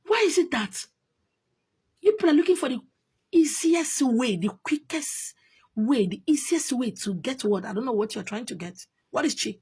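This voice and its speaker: The spiritual teacher, a Nigerian-accented woman, speaks in a high, slightly mellow, husky voice. Exasperated and emphatic, she repeats herself throughout a casual monologue that circles back on itself.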